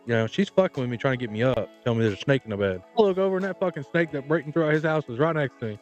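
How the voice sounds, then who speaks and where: A man's voice: medium pitch, expressive, rapid-fire, a little mellow, highs cut off, faint music behind. A young man co-hosting a podcast, laid-back and profane, laughing often as he tells stories. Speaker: podcast co-host. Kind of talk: casual chat.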